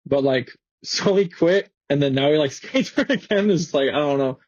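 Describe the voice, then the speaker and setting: A man's voice: fairly high pitch, lively intonation, moderate pace, darkish tone, no room sound, lo-fi sound. A young man in his twenties, a guest skateboarder telling stories in casual, slangy, swearing chat in a podcast studio. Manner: slangy, swearing, laughing storyteller.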